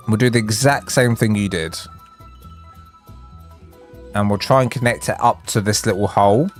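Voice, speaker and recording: A man with an English accent chatting on a live game stream, rambling between building tips and chat stories, his voice jumping up when excited. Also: medium pitch. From England.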